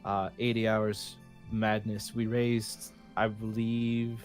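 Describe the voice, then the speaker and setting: A man's voice: on the low side, completely flat delivery, slow, soft background music. A man co-hosting a podcast in easygoing casual chat, steering the conversation. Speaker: podcast co-host.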